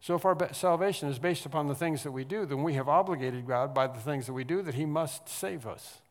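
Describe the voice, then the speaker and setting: A man preaching a sermon, swinging from quiet explanation to loud emphatic lines and repeating phrases for stress. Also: a little high, a little fast. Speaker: pastor. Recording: long hall reverb.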